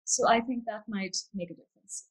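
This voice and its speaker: Over a video call, a woman who works as an architect and curator answers a panel's interview questions earnestly and reflectively, touching on faith. Her mid-range voice is slightly fast with a breathy edge, and the recording is low quality.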